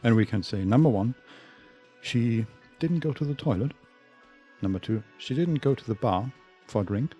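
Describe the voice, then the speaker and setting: A man's voice: mid-range voice, animated, moderate pace, mellow, breathy edge, dull audio, faint music behind. A man co-hosting a let's play, talking casually and methodically reading out the game's checks and bonuses. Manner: methodical, reads out game stats. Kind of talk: casual gaming chat.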